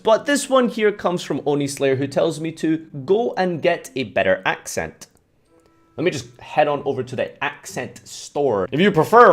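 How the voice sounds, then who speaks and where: A man hosting a casual commentary video, talking in a sarcastic, self-mocking way. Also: mid-range voice. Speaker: YouTube host.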